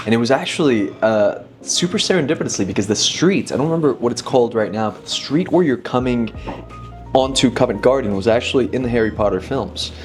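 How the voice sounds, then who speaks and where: A man's voice: mid-range voice, fast talker, soft background music. A man in his thirties, a magician, talking reflectively as an interview guest, with frequent restarts. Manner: thoughtful, many restarts, leans on 'inevitably'. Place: dinner table.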